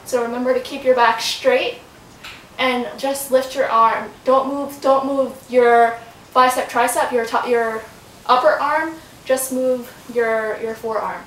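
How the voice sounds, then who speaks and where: Chatty high-voiced woman, winded. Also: steady tone, a little slow, fairly bright tone. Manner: chatty, talks to her baby in a sing-song voice. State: out of breath. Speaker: vlogger. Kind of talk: casual home fitness demonstration. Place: bedroom at home. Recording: roomy, from a distance with faint rumble.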